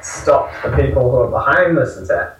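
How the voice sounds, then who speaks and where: A man's voice: medium pitch, big pitch swings, moderate pace, a bit bright, far from the mic. A man playing a tabletop game, speaking practically and explaining the rules to the others. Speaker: player. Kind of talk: casual tabletop role-play. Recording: echoey room, away from the mic.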